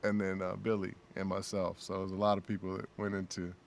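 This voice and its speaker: A man guesting on a casual podcast, telling lively stories and acting out what his friends said. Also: deep voice, quick pace, creaky. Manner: animated storyteller who acts out friends' lines. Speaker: guest voice actor.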